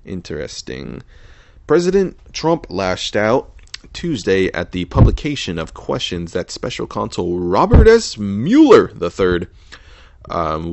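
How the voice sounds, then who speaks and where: A man with a lowish voice reads news headlines on his solo podcast and riffs on them with sarcastic, profane commentary. His pitch swoops widely as he mutters some asides and blurts others. The sound is dry and close, with no room echo. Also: gravelly, darkish tone. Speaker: podcast host. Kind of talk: casual solo rant reading the news.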